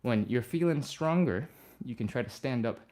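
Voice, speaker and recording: A man leading a live stretching workout as the instructor. He talks through each move in a relaxed, upbeat way and sighs and breathes audibly between cues. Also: medium pitch, normal speed. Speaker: fitness instructor.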